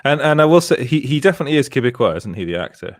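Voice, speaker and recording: A man's voice: medium pitch, very animated, very fast, no room sound, clean studio sound. A man co-hosting a casual live stream, reading out chat comments and laughing often between restarts. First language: French. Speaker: podcast co-host.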